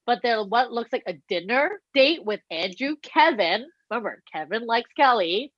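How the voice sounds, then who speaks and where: A woman co-hosts a casual chat podcast, retelling gossip and acting out every quote with animated, profane energy. Her voice sits high. The recording is dry but dull and lo-fi. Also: moderate pace, no room sound. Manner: animated, swears freely, acts out quotes. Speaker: podcast co-host.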